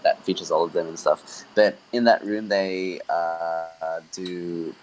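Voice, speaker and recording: A young band member with a mild Australian accent chats on a podcast, relaxed and rambling with lots of fillers. His voice sits low and he talks slowly, over slight background noise in poor audio.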